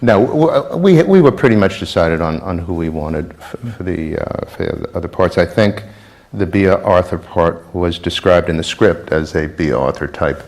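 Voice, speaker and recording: A man on a festival panel, recalling how a show began, with many pauses and restarts. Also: deep voice, gravelly, a little mellow. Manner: halting, many fillers and restarts. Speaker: producer on a panel. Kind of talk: anecdotal panel talk. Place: theater stage before a live audience.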